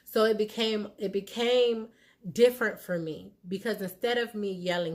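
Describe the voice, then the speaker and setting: A woman's voice: mid-range voice, moderate pace, a bit bright. Frank woman talking straight to viewers. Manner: frank and conversational, acts out quoted lines. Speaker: vlogger giving relationship advice. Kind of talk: candid personal talk to viewers.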